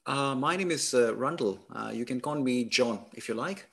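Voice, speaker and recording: A man's voice: mid-range voice, normal speed, creaky, fairly bright tone. A man playing a worried male patient in a practice doctor's visit, speaking hesitantly with many fillers.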